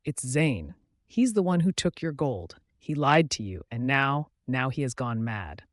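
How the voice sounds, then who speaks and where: A man's voice: sing-song, measured pace, no room sound, studio quality. A man voicing a desperate young woman who pleads urgently for her friend, in a scripted storybook narration. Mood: pleading. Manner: pleading, urgent, raised pitch.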